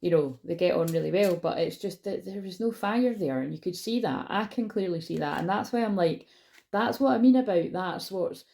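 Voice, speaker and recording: A woman's voice: fairly low pitch, expressive, moderate pace, vocal fry, dark tone. A woman giving a casual tarot reading on her vlog, rambling and chatty, swearing casually and often losing her train of thought, recorded on a phone. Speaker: tarot reader.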